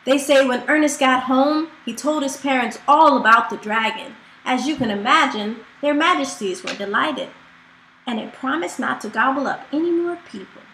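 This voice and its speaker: Brief: expressive female storybook reader, bright voice, echoey home recording. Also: high voice, normal speed. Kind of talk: reading a children's book aloud. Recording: echoey room with faint noise.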